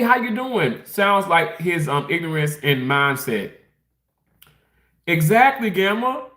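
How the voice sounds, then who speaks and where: A man's voice: on the high side, pushed and bright, reverberant. A man from Mississippi, chatting casually on a livestream, rambling, laughing and reading comments while he eats. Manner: rambling, laughs often, reads out chat comments. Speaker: livestream host reading chat.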